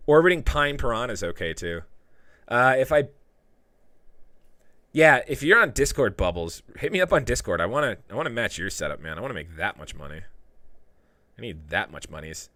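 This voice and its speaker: Young guy streaming, bright voice, jokey and loose, reads chat out loud. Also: lowish voice, very animated, fairly quick, pauses often, dry recording, studio quality. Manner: joking, loose, talks to chat by name. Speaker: livestream host. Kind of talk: casual livestream chat reading viewer comments.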